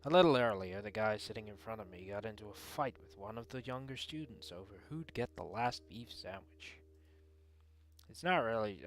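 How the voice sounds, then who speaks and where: A man's voice: lowish voice, fairly bright tone. Man reading a game aloud, faint music. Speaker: player reading a visual novel aloud. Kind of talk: dramatic read-aloud narration.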